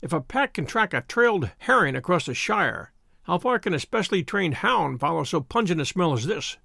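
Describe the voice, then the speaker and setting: A cool, sharp-minded detective lays out his reasoning in a quiet, dry and exact way in an audiobook, as a man reads him. The voice sits high and moves with lively inflection, with a gravelly grain. The recording is close and dry. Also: normal speed, no echo, full character voice. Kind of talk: audiobook character voice.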